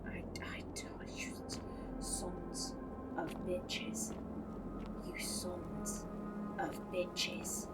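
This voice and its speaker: A woman hosting a let's play, giving profane, jittery horror game commentary that swings between loud outbursts and hushed mutters. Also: lowish voice, monotone, very slow, pauses often, whispered, loud music behind the voice, poor audio.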